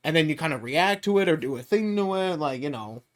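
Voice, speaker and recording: A man co-hosting a podcast, telling a story in loose casual chat. His voice sits high and swings widely as he laughs along. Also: brisk. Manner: animated, laughs often. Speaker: podcast host.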